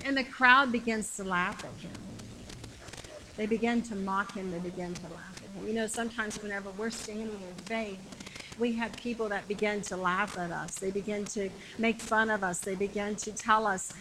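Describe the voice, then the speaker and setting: A woman's voice: medium pitch, steady tone, moderate pace, pushed and bright, slight background noise, poor audio. A middle-aged woman preaching a sermon in a conversational, emphatic way, repeating phrases to build up her point, with a congregation answering her.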